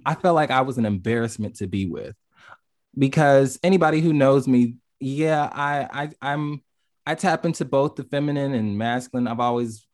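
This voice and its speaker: Guest, man, mid-pitched voice, open and expressive, swears casually. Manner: candid, expressive, swears freely. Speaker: podcast guest. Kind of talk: casual discussion.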